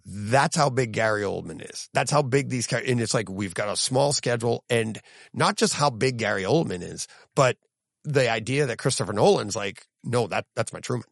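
A man's voice: mid-range voice, normal speed, vocal fry, no room sound, studio quality. A man co-hosting a podcast, chatting casually and telling stories with plenty of laughs and restarts. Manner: animated storytelling with laughs and restarts. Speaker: podcast co-host. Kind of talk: casual chat.

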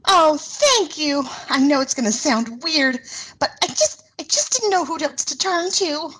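A woman's voice: high-pitched, expressive, unhurried, fairly bright tone, low-quality recording. A woman playing a wife at counseling who pleads emotionally, close to tears. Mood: hesitant. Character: exasperated young wife at counseling.

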